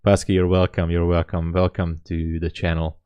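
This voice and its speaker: A man's voice: deep voice, monotone, normal speed, mellow, clean tone, no echo, dull audio. A man hosting a live day-trading stream, chatting casually with viewers and greeting them by name. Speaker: livestream host and day trader. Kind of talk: casual livestream chat.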